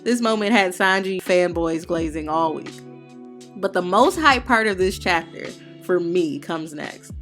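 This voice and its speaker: A woman's voice: lowish voice, expressive, measured pace, fairly bright tone, soft background music. A woman hosting a manga review, recapping the chapter in casual, slangy, opinionated talk with playful heckling asides.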